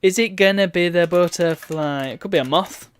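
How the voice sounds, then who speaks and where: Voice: mid-range voice, normal speed, clean tone, no room sound. A streamer, chatting wryly and reading game text aloud while playing a retro game. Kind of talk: let's play commentary.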